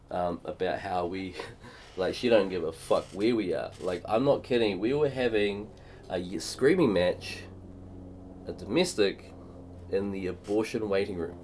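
A young man, co-hosting a casual podcast chat and telling animated stories full of laughter and put-on voices. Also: low-pitched, unhurried, slight background noise. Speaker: podcast co-host. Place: home studio in a shed.

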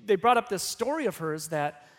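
A man with a high-pitched voice gives a sermon. He preaches like he is chatting, retelling a story with frequent restarts and repeated words. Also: animated, normal speed. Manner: conversational storytelling with many restarts. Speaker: pastor.

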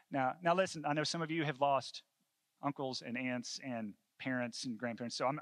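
A man in his thirties preaching a sermon, earnest, moving between hushed storytelling and fervent calls. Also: medium pitch, dry recording. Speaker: pastor.

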